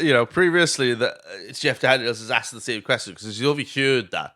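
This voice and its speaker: With a lowish, bright voice that is forceful, clear and resonant, a Welsh podcast host casually recaps a film in monologue form. He wanders from point to point, swears without restraint and acts out the lines.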